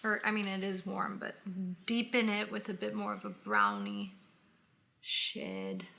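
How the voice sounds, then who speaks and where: Woman, bright tone, playful makeup tips, casual tutorial chat. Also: medium pitch, big pitch swings, a little slow, vocal fry, slight background noise. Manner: playful, gives tips as she goes. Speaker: co-host of a makeup channel.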